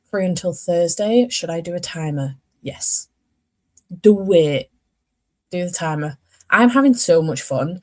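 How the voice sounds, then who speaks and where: Young woman, casual book vlogger, chatty and rambling, self-correcting, slightly low pitch. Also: expressive, unhurried, long pauses. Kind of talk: casual chat.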